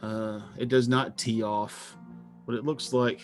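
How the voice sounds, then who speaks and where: A man runs a tabletop game as game master over an online call. His talk is relaxed and self-mocking. Soft music sits faintly behind him. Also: medium pitch, measured pace.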